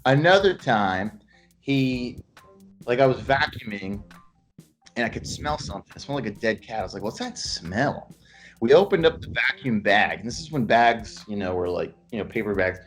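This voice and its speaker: A man's voice: medium pitch, moderate pace, faint music behind. A man hosting a casual sports podcast, telling joking stories and chatting with his co-host. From Los Angeles, California. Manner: joking storyteller, lively swings in loudness.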